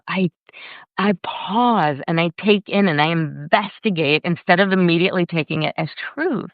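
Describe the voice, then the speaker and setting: A woman speaking as a guest in a casual live video chat, animated and freely swearing, acting out her inner voice in quotes. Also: on the low side, normal speed, no room sound, narrow, tinny audio. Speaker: guest, workshop leader. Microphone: video call.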